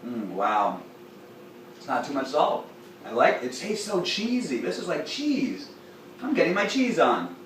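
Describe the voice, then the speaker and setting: A man's voice: fairly high pitch, huge pitch swings, a little slow, fairly bright tone, a little hiss or hum. A playful, effusive man demonstrating a recipe in a home kitchen, cooing at his cat between steps. He sounds far from the mic in a very echoey room, with faint ambience behind him. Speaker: raw food cooking show host. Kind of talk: casual cooking demonstration.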